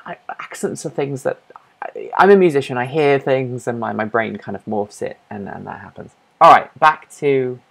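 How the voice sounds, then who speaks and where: Gravelly-voiced host with mixed British-American accent. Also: medium pitch. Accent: mixed British and American English. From Norfolk, England. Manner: thinks aloud, rambling and self-correcting. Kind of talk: casual livestream chat answering viewer questions.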